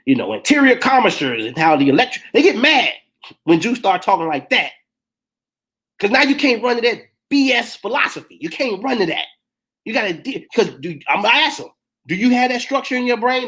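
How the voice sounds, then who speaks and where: A fiery woman preacher whose pitch swings widely from line to line. She hammers her points home and keeps firing rhetorical questions at the crowd. Her talk has the loose, fervent push of a live teaching session. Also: a bit bright. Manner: emphatic, full of rhetorical questions and call-outs. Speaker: minister. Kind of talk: impassioned spiritual teaching talk.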